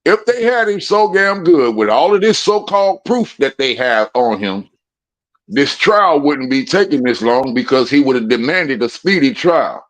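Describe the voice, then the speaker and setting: A man in hosts a casual livestream, telling stories with loose, profane talk. His pitch sits in a middle range, neither high nor low. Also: expressive, moderate pace. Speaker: livestream host. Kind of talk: casual chat.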